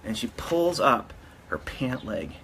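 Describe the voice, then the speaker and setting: A man's voice: mid-range voice, very animated, slow, bright, forceful tone, a little hiss or hum. A man casually telling a story to his video audience, rambling and often restarting his sentences. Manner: rambling, with frequent restarts and self-corrections. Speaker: vlogger.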